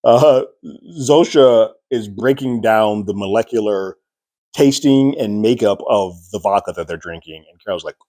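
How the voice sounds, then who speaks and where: A man giving a casual, chatty review of a TV episode, animated and laughing at what happened. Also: on the low side, unhurried, no echo, clean studio sound.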